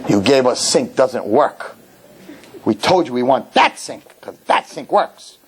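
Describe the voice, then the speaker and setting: A man voicing a group of excited Bedouin men who speak broken English with an Arabic accent. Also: unhurried, breathy edge. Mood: indignant. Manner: shouting, mangled grammar, high strained voice.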